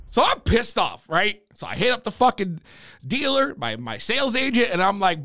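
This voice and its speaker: Profane ranting man, high and gravelly. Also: huge pitch swings, moderate pace, pushed and bright, dry recording. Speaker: vlogger. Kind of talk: casual ranting storytime.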